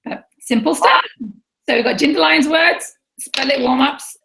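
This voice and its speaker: A woman co-hosting a casual chat, upbeat and chatty, with quick asides and trailing phrases. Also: high-pitched, creaky, pushed and bright, low-quality recording. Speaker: podcast co-host, PE teacher.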